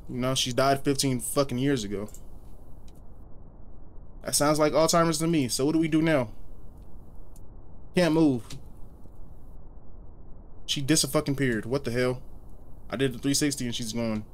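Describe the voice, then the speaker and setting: A man's voice: medium pitch, unhurried, long pauses. A man hosting a horror game let's play, talking casually and reacting aloud in a chatty way. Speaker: gaming video host.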